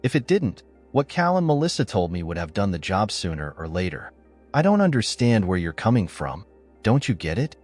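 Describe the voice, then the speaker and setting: Speaking at normal speed, a man narrates his own story in a low voice with lively pitch swings, giving the husband's lines a blunt, angry, sarcastic bite. Faint music sits underneath.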